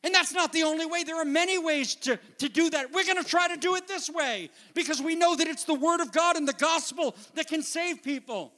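A man with a high, light voice delivers a sermon from the pulpit, his words ringing out in a hall with a long reverb. He swings from hushed, almost whispered lines to urgent, building calls to the congregation. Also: fairly quick, few pauses. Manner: dramatic, drops to a near whisper for quiet passages and rises to urgent calls. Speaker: pastor.

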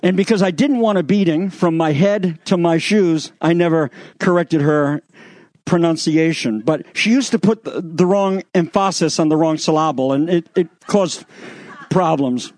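A man preaching a sermon, retelling scripture with animated acted-out quotes and sarcastic asides. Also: fairly high pitch, normal speed, no echo. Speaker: pastor.

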